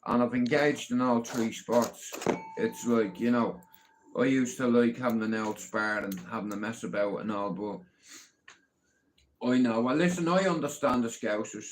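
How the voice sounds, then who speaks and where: A man's voice: medium pitch, normal speed, a little hiss or hum. A middle-aged man ranting casually on a livestream, swearing often and asking "you know what I mean?".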